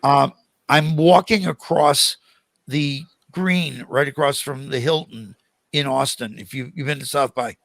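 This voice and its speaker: An older American man, a podcast guest, telling animated stories and acting out the voices of the people in them. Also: mid-range voice, measured pace, vocal fry, dry recording. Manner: animated, acts out quoted voices. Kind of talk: storytelling in a podcast interview.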